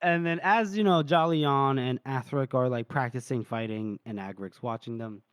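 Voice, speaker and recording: A man's voice: mid-range voice, moderate pace, smooth, dry recording, studio quality. A man co-hosting a book podcast, retelling chapters in casual chat and laughing often. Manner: laughs often, many fillers and restarts. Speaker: podcast co-host.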